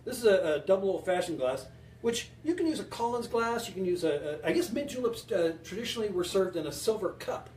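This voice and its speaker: A man's voice: high-pitched, sing-song, fairly quick, a little mellow, slight background noise. A man hosting a home cocktail show, rambling and joking as he talks to his viewers while mixing a drink. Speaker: home bartending show host. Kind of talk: joking casual cocktail demo. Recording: echoey room, distant mic.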